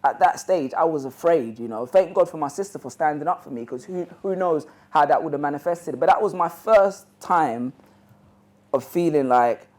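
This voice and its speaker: A man's voice: on the high side, animated, moderate pace, a little mellow. A man with a London accent, originally from Ghana, telling a personal story to a live audience in a loose, conversational way that is full of "you know" asides. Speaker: motivational speaker.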